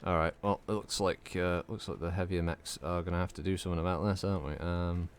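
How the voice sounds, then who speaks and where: With a little hiss or hum in the audio, a fast-talking streamer from Northwest England delivers casual gameplay commentary in a low-pitched, steady voice. He rambles and swears freely, his Northwest English accent clear.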